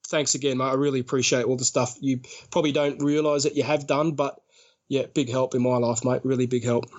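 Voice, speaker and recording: A man's voice: mid-range voice, little pitch movement, a little fast, highs cut off. An Australian man, a podcast guest, rambling through a story and laughing often as he talks. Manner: laughs often while telling stories, rambling. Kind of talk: casual storytelling.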